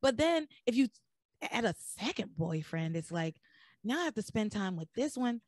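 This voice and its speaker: A young woman casually recapping soap opera episodes as a podcast host, acting out the characters' lines in lowered voices. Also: normal speed, dry recording. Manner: animated storyteller acting out dialogue in lowered voices. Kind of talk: casual chat.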